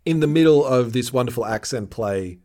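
A man, hosting a podcast in casual chat and recapping episodes in a jokey, animated way. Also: medium pitch, moderate pace. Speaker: podcast host.

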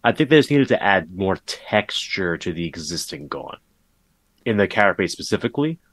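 A fairly low-voiced man gives wry, skeptical takes in casual podcast chat, filling gaps with likes and you-knows. The recording is dry and close. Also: very animated, moderate pace, a bit bright, no room sound. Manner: wry and skeptical, many fillers. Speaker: podcast co-host.

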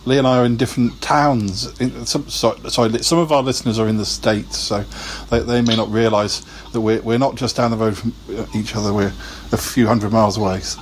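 A man co-hosting a podcast whose voice sits a little low. He jokes easily and riffs on playful ideas in relaxed chat. A faint hiss runs behind him. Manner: jokey, quick to laugh, riffs on ideas. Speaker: podcast co-host. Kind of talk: casual chat.

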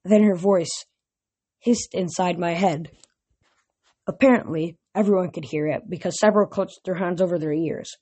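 A woman narrating a novel aloud in a plain, steady reading voice. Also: lowish voice, moderate pace, husky.

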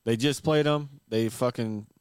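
A man's voice: mid-range voice, unhurried, clean tone, dry recording. A man co-hosting a casual sports talk show, laid-back and a bit hesitant with his picks. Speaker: podcast co-host.

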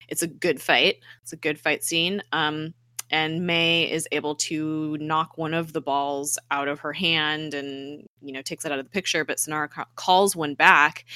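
A woman's voice: low voice, bright, forceful tone, smooth, no room sound, studio quality. A woman casually recapping a TV episode on a podcast, retelling scenes with lots of fillers and acting out the characters' lines.

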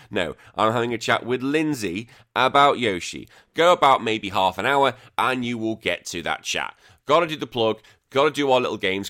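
A man's voice: on the low side, expressive, normal speed, fairly bright tone. A man from the UK hosting a retro gaming podcast, chatting casually in a jokey, self-mocking way. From United Kingdom. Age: adult with a young daughter. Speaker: podcast host.

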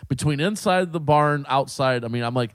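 A man's voice: medium pitch, moderate pace, dry recording, clean studio sound. A man telling a rowdy story in casual chat, colloquial and rambling, laughing and swearing as he goes.

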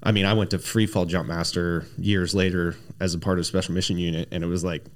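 A man with a very deep, low-set voice spins long stories from his army years in a casual podcast chat. He is animated, piling on fillers, restarts and little asides as he goes. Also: fast. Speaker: podcast guest, former special operations soldier. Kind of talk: casual interview storytelling.

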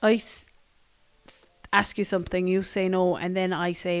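An Irish woman of forty co-hosting a podcast, wry and laughing in casual chat, dropping quiet when she quotes herself. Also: fairly low pitch, little pitch movement, normal speed, smooth. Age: 40s. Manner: wry, laughing, drops to a soft muttering voice when quoting herself. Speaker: podcast co-host.

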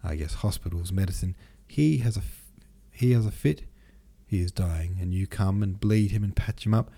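A man's voice: low voice, moderate pace, vocal fry, dark tone, husky, heavily acted. A man reading the part of a brooding, bitter young nobleman who argues in a gloomy, cutting way.

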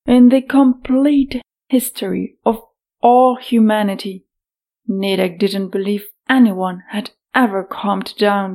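A woman narrates an audiobook at an unhurried, slow pace. Her voice sits at a middle pitch, and she tells the story steadily. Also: vocal fry, a little mellow.

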